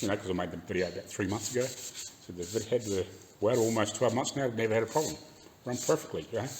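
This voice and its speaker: A man's voice: fairly low pitch, slight background noise. A man with a New Zealand accent ranting casually in his garage workshop, swearing freely and laughing often. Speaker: car restoration YouTuber. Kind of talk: casual rant while working in garage.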